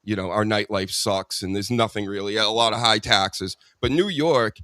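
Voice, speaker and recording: Boston host, blunt joking rants, dry close sound. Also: male voice, on the low side, moderate pace, fairly bright tone, no room sound. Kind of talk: casual live show chat.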